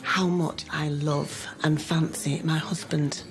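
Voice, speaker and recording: An actress playing a dry, teasing wife in a sitcom. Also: female voice, lowish voice, lively intonation, a little slow, faint music behind. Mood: exasperated. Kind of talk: sitcom acting.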